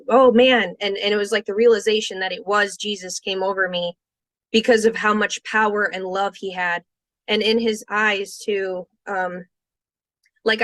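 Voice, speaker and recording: A woman's voice: medium pitch, a bit bright, no room sound. A young adult woman earnestly recounting a near-death experience as a podcast guest, often restarting sentences and quoting her own thoughts. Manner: earnest, halting with restarts and quoted inner thoughts. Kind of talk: personal storytelling interview.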